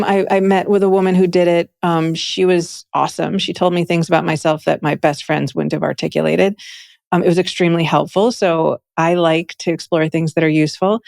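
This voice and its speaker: Chatty, lively woman, low-pitched voice. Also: gravelly, no echo, studio quality. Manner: enthusiastic, chatty, frequent "like" and "right?". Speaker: guest, Akashic Records reader and teacher. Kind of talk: casual interview conversation.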